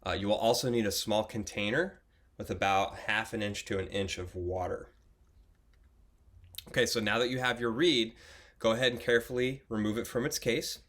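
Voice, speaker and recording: Low-voiced man teaching beginner oboe. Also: steady tone, moderate pace, fairly bright tone. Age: young adult. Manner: patient, encouraging, with frequent fillers and restarts. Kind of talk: instructional video lesson.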